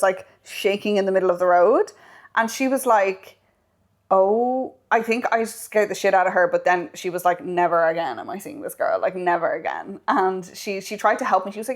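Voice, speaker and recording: A woman co-hosting a chatty podcast, recounting a story with lively, animated delivery and a mid-range voice. She acts out the other people's lines as she goes and drops casual swears. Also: mid-range voice. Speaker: podcast co-host.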